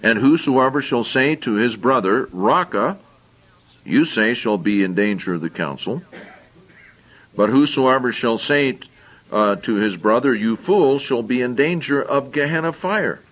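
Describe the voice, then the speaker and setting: A man's voice: medium pitch, lively intonation, measured pace, a bit bright, lo-fi sound. A man preaching a sermon. He reads scripture aloud and explains it in plain, conversational asides, often repeating and restarting phrases.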